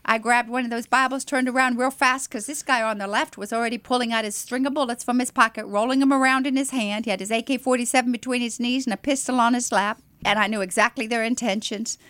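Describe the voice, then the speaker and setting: Missionary lady telling a wild story, kinda high voice, dry close sound. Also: fast, few pauses, no echo. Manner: animated, dramatic storyteller. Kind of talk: testimony storytelling in an interview.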